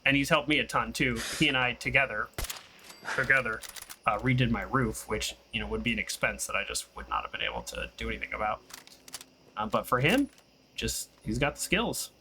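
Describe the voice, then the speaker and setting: A young man with a bright, forceful voice talks through his game in a loose, rambling way. He drifts into long stories between moments of play, with a faint hiss of noise behind him. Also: medium pitch, fairly quick. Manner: rambling and chatty, tells stories while playing. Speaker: gaming channel host. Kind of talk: casual let's-play commentary.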